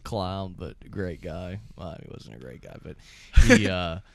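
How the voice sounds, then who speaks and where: A man hosting a podcast, asking relaxed questions and telling a casual story. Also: deep voice, creaky, a little hiss or hum. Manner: relaxed, quick questions, laughs easily. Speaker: podcast host. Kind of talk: casual chat.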